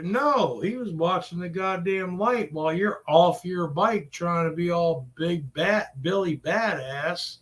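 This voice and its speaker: A man's voice: high-pitched, takes it slowly, few pauses, a bit bright. A man hosting his own gaming channel, ranting profanely and with exasperation while he plays. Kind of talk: ranting gameplay commentary.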